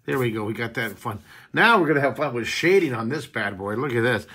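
A man's voice: mid-range voice, expressive, brisk, sharp tone, slightly rough. A cheerful man leads a live drawing lesson in an ordinary mid-range voice. He chats casually with his viewers and answers their comments while he sketches. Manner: chatty and upbeat, talking to viewers while sketching. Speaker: drawing teacher and show host.

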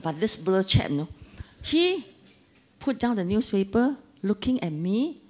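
A woman's voice: medium pitch, unhurried. A woman in her sixties with a Singaporean English accent, giving an anecdotal Dharma talk full of local slang. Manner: animated storytelling with local slang. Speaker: Dharma speaker.

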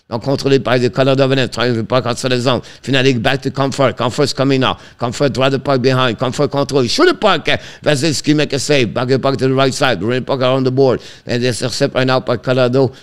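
An excitable hockey play-by-play commentator works a live stream with a clean tone. He makes rapid, clipped calls, and his pitch spikes sharply on shots.

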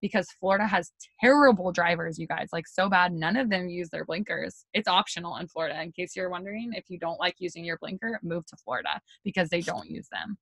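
A woman on a video call giving an energetic, chatty pep talk to her team, full of "like" and "you guys". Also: fairly low pitch, fairly quick, vocal fry, few pauses, dry recording.

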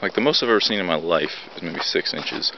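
A young man from North Carolina, out of breath from shoveling, rambling casually to his camera outdoors in deep snow. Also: expressive, fast, vocal fry. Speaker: vlogger. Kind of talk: casual vlog. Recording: dull low-fi camera audio with faint noise.

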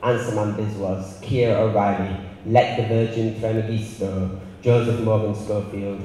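A man's voice: fairly low pitch, level tone, mellow. Northern English man lecturing in a hall. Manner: measured and reflective, with filler ums. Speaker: artist giving a lecture. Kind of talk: lecture, partly read from a prepared text. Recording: roomy hall with long reverb.

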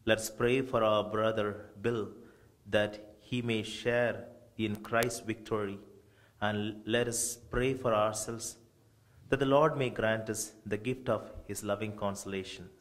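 A man, a priest, leading a funeral service with slow, measured liturgical prayers and readings. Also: lowish voice, steady tone.

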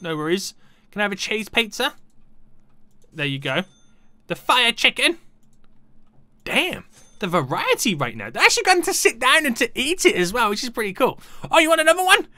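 A man's voice: sits high, wildly swooping pitch, normal speed, pauses often, sharp tone, no echo. A young man giving playful, chatty commentary on his gameplay and talking to the game's customers. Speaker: gaming YouTuber.

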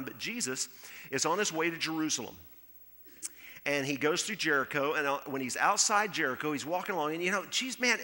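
A pastor preaching a conversational sermon, acting out quoted voices and dropping to a hush for his appeals. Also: a little high. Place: church sanctuary. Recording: hall reverb in a church.

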